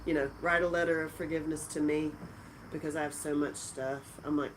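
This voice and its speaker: A woman's voice: low voice, level tone, fairly quick, a little hiss or hum, rough recording. Chatty woman hosting a live stream. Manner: chatty, laughing, answers viewer comments. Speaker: livestream host. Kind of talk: casual live-stream chat with viewers. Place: indoors at a friend's house.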